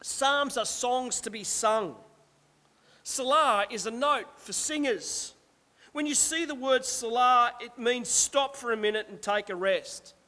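Man, high voice, pastor, emphatic sermon, rhetorical asides, long hall echo. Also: sharp tone.

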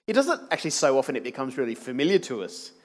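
A man's voice: medium pitch, big pitch swings, fast talker. A man preaching a sermon, earnest and emphatic, asking the congregation rhetorical questions.

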